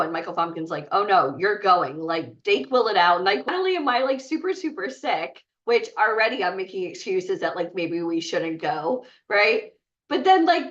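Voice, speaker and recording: Woman, blunt and chatty, lively swooping pitch, muffled and distant. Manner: blunt, chatty, asks the audience questions. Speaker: bootcamp speaker. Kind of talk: motivational talk to an audience. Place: event room. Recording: muffled sound from far off.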